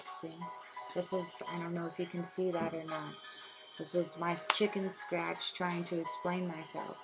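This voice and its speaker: A woman's voice: lowish voice, poor audio. A woman speaking as a self-styled healer, earnest and insistent, repeating mantras over and over. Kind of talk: inspirational monologue. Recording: loud music behind voice. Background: music.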